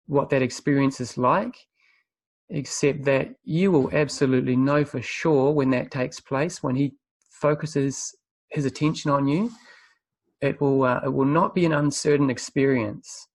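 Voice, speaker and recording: A man's voice: mid-range voice, a little slow, no echo. Earnest man, dry sound. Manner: earnest, reflective, searching for words. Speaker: webinar presenter. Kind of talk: spiritual talk, personal testimony.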